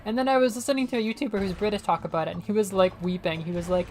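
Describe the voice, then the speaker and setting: A woman's voice: medium pitch, rapid-fire, hardly any pauses. A young woman chatting casually while she plays a game on stream, rambling and laughing often. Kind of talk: casual gaming commentary.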